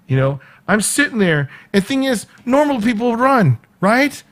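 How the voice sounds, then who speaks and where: A man's voice: very high-pitched, normal speed. A man from California, telling a story in a casual vlog, laughing often and acting out what people said. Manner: animated, laughs often, acts out quoted dialogue. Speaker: vlogger.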